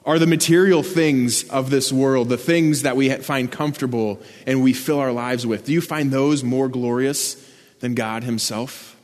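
A man's voice: mid-range voice, steady tone, moderate pace. Earnest male preacher in a reverberant hall. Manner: earnest, rising emphasis on key words. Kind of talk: sermon. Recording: long church reverb.

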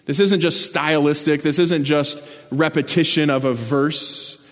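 A man's voice: fairly high pitch, steady tone, a little slow. A man preaching a sermon, earnest and explanatory, lifting his voice to stress key words. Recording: long church reverb.

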